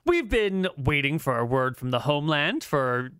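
A man doing a weary, halting outpost lord. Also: fairly high pitch, big pitch swings, fairly bright tone, smooth, dry recording, clean studio sound. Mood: pleading. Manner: halting, pleading, full of fillers. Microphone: online voice call.

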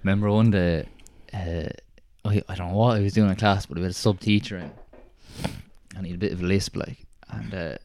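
Fast-talking young Irish man. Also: deep voice, steady tone, a little mellow, a little hiss or hum. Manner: rapid, rambling, self-mocking. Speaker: podcast co-host. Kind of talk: casual chat, storytelling.

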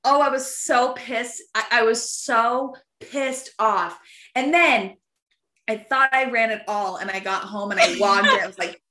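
A woman co-hosting a podcast, chatting casually and getting animated and loud as she tells a story. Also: fairly high pitch, unhurried, roomy sound. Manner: animated, swearing, rising to shouts when telling a story. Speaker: podcast co-host. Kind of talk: casual chat.

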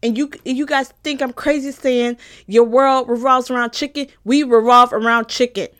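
A woman's voice: a little high, steady tone, normal speed, fairly bright tone. A young woman giving an emphatic, satirical personal monologue, repeating lines for punch and swearing freely. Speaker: comedic commentator.

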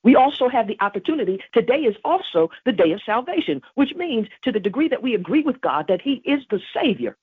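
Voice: medium pitch, very animated, a little fast, hardly any pauses, slightly rough, dry recording. A podcast host giving an emphatic devotional teaching on prayer, repeating key phrases. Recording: tinny phone-like dry recording.

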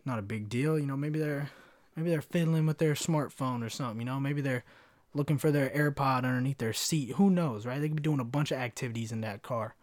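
A man's voice: medium pitch, brisk, no room sound, clean studio sound. A man hosting a podcast, telling stories in a casual, rambling, profane monologue. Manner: profane, rambling, animated retelling. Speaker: podcast host.

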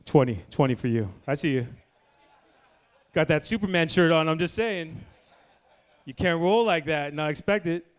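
A man in his forties preaching a blunt, fiery sermon to a men's group indoors, moving between low, quiet stretches and loud exhortation. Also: moderate pace, long pauses, clear, resonant tone. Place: indoor room with a gathered group.

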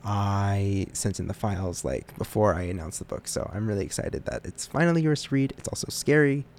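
A man's voice: lowish voice, a little fast, a little mellow, slight background noise. A young man hosting a casual solo podcast, rambling and self-deprecating, often stumbling over his words. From United States. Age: young adult. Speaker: podcast host.

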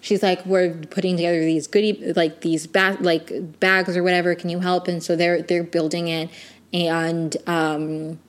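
A young woman chatting casually as she reviews a TV season, rambling with lots of "like" fillers and restarts, gushing and clearly invested. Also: lowish voice, level tone, a little slow. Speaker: TV review vlogger.

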